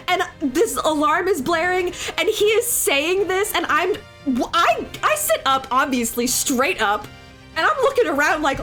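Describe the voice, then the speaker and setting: A young woman with a bright, high voice chats casually as she works on digital art. She rambles, curses freely and breaks into laughter. Soft music plays quietly underneath. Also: sing-song, moderate pace. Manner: chatty, rambling, swears freely, laughs often. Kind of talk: casual storytelling while drawing. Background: soft background music.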